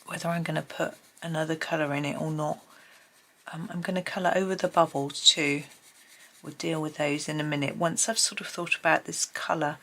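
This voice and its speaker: A woman hosting a casual colouring tutorial at home, chatting and thinking aloud as she works, with frequent pauses and hesitations. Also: low-pitched, a bit bright. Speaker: colouring channel host. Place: home, at a desk with a tripod camera. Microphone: camera on a tripod.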